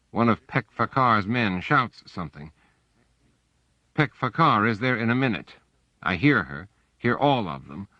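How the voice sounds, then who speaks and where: A man narrating an audiobook in the first person with measured, even storytelling. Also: fairly low pitch, no echo. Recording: dull, dry audiobook recording.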